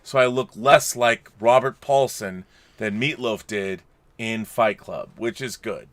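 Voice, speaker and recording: A man's voice: mid-range voice, measured pace, fairly bright tone, dry recording. A middle-aged man co-hosting a casual, tipsy live-stream chat, reading viewer messages with jokey, stumbling restarts. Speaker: podcast co-host reading super chats.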